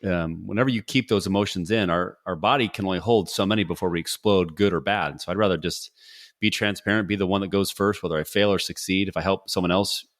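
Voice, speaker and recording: A middle-aged man hosting a podcast in a casual, upbeat and jokey way, firing off quick quiz questions. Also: deep voice, fairly bright tone. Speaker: podcast host. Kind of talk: casual interview talk.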